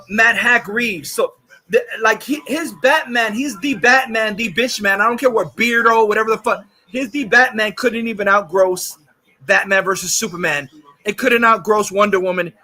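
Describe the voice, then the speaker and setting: High bright-voiced man ranting angrily. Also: moderate pace. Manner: profane, ranting, repetitive; reads chat comments aloud. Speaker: livestream host. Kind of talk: angry livestream rant.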